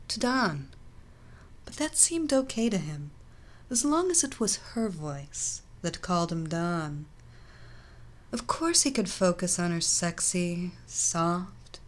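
A woman narrating a scripted story in a soft, even reading voice. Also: medium pitch. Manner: soft, even reading of an erotic hypnosis tale.

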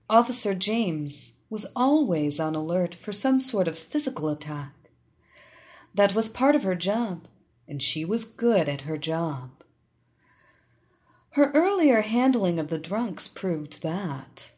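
A woman narrating an erotic story in a slow, expressive reading. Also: medium pitch.

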